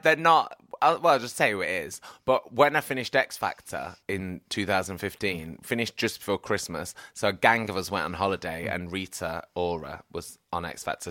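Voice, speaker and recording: A man's voice: on the low side, pushed and bright, no echo, clean studio sound. A man, chatting casually and telling self-deprecating stories as a host. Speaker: podcast host. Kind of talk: casual chat.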